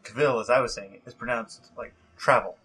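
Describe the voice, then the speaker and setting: A man's voice: mid-range voice, brisk, fairly bright tone, husky, rough recording. A man co-hosting a casual podcast with brief, self-correcting interjections. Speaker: podcast co-host. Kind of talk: casual chat.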